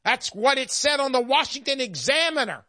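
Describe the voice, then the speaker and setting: A woman's voice: high voice, sing-song, normal speed, fairly bright tone, no echo, studio quality. A woman giving a persuasive sales monologue in an emphatic, sarcastic, folksy way. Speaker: presenter pitching gold investment.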